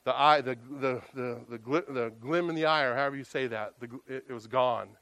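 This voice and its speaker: A man preaching a sermon, telling stories in a conversational, animated way. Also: medium pitch, brisk, no room sound. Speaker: pastor.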